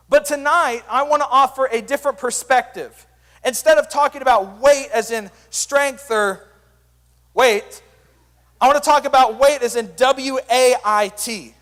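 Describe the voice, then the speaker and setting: A young youth pastor preaches to a crowd of teens, with a very high-pitched voice for a man. He tells funny stories and keeps the energy up. His voice rings with the long reverb of a hall. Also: a little slow. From Sand Springs area, US. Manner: energetic, joking storyteller. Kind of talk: youth sermon.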